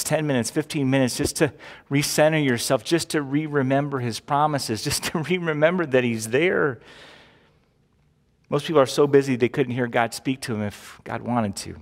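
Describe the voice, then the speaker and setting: A man preaching a sermon as pastor, talking in a conversational, jokey way with emphatic rises. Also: mid-range voice. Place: church sanctuary. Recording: long hall reverb from a church.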